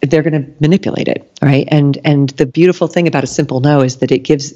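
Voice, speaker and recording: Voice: mid-range voice, steady tone, fast talker, warm tone. A podcast guest talking casually, rambling with many ums and restarts and acting out quoted lines. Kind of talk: casual conversation. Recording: dull lo-fi sound.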